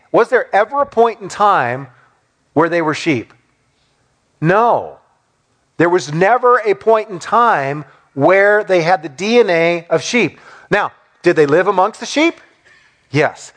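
A man's voice: high-pitched, fairly bright tone. A man preaching a sermon, asking rhetorical questions and acting out the lines he quotes in little voices. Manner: acts out quoted speech in small voices. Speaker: pastor.

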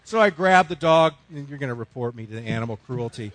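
Animated storytelling pastor, a man. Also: a little high, a little fast, hardly any pauses, no room sound, rough recording. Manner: animated storytelling, big swings from loud to hushed. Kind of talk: sermon.

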